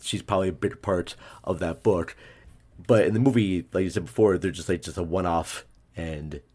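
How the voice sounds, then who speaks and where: A man talking casually about a film in a rambling podcast chat, with lively asides. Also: low voice, fairly quick. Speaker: podcast guest.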